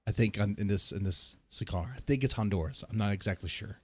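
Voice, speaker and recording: A man's voice: fairly low pitch, brisk, husky. A man hosting his own vlog, rambling and joking through a casual rant with a stuffed-up nose, short of breath, coughing and sighing in his home garage studio. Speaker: vlogger host. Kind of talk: casual ranting storytime.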